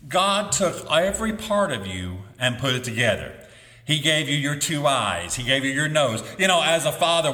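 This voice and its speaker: A man's voice: fairly high pitch, sharp tone. A middle-aged man preaching a sermon as pastor, with emphatic delivery that rises on key phrases. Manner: emphatic preaching with rising exclamations. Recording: echoey hall with long reverb.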